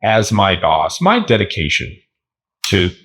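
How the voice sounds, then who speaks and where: A man co-hosting a podcast in casual chat, animated and laughing often, slipping into joke accents. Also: low voice, measured pace, breathy edge. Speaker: podcast co-host.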